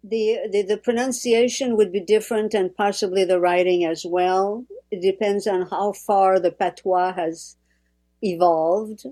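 A woman's voice: medium pitch, fairly even intonation, measured pace, warm tone. A woman from Quebec with a French-Canadian accent, talking casually and reflectively about language and often repeating words as she starts a sentence. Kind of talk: casual conversation.

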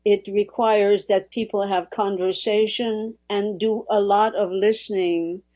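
A woman's voice: medium pitch, fairly even intonation, unhurried, dark tone. A woman from Quebec with a French-Canadian accent, talking casually and reflectively about language and often repeating words as she starts a sentence. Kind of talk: casual conversation.

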